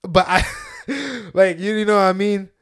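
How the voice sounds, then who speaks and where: A man's voice: high voice, measured pace, clear, resonant tone, no echo, studio quality. Slangy young man hosting a podcast. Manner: laid-back slangy talk, laughs often. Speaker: podcast host. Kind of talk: casual podcast chat.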